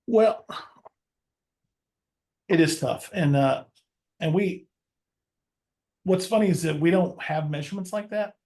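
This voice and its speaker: A man who leads an insurance agency, speaking as a guest in a relaxed podcast chat with stammering restarts. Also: on the high side, slow pace, long pauses. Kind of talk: casual podcast conversation.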